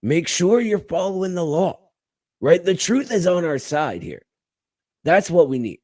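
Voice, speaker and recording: A man's voice: high voice, sing-song, measured pace, a little mellow, dry recording. A man co-hosting a casual political talk show, speaking emphatically and calling his co-host brother. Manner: emphatic, calls people brother.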